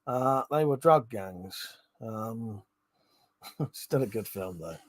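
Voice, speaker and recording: A man's voice: medium pitch, lively intonation, slow pace, dry recording. A man chatting casually on a live stream, reading out chat messages and swearing freely.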